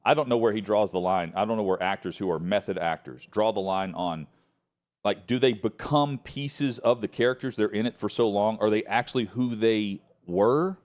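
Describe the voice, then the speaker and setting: A man hosting a sports talk show, chatting in a relaxed, conversational way. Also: lowish voice, normal speed. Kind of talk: casual talk show chat.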